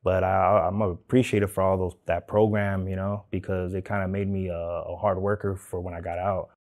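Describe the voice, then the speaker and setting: Laid-back LA man, dark voice. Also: low-pitched, flat delivery, a little fast. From Los Angeles. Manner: loose street slang, many "like" and "man" fillers. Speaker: tattoo artist, interviewee. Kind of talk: casual interview.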